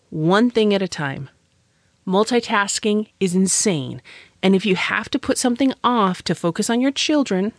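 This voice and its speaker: A woman's voice: fairly low pitch, no echo, clean studio sound. A woman giving a bubbly, exclamatory message full of tips for fellow business moms. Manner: bubbly, exclamatory, chatty with big swings in pace. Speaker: business owner sharing tips. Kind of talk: recorded guest message for a podcast.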